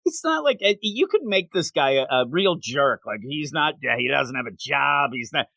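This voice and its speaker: A man's voice: a little high, lively intonation, moderate pace, creaky, pushed and bright, dry recording. A man co-hosting a manga review podcast, retelling the story in casual chat and acting out the characters' lines.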